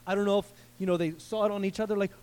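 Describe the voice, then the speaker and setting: A man preaching a casual, conversational sermon, animated and slangy, acting out the people in the story. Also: high-pitched, racing, clear, resonant tone. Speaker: pastor.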